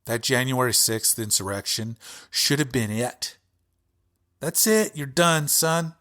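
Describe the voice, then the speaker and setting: A man's voice: mid-range voice, lively intonation, slow pace, pushed and bright. A male podcast host giving an impassioned, profane political rant with heavy emphasis.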